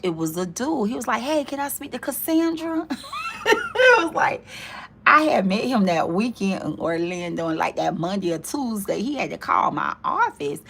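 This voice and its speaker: Animated gravelly woman telling a story. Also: mid-range voice. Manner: animated, laughing, mimics voices in quotes. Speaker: host. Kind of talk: casual storytelling.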